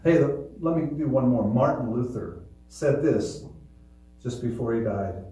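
A man preaching a sermon as pastor, earnest and swelling louder on key points. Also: medium pitch, animated, a little slow. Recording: echoey hall, voice from far off.

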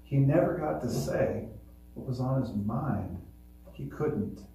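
A man preaching a sermon as pastor, earnest and swelling louder on key points. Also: mid-range voice, expressive, slow pace, faint music behind. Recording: echoey hall, voice from far off.

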